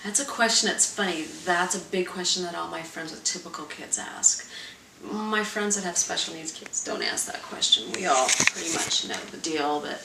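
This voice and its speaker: A woman's voice: lowish voice, gravelly. Frank, resigned woman, distant roomy sound. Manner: frank, measured, quietly resigned. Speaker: mother of two sons with special needs. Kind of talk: candid interview talk. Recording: roomy sound from a distant mic, faint noise.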